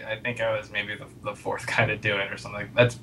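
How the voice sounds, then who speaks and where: A man with a bright, forward voice, telling a story in a loose, unhurried way and stopping for "uh" and "um". Faint hiss sits under the recording. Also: fairly low pitch. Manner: relaxed storytelling, chuckling, many fillers. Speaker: webcomic artist guest. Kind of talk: casual interview chat.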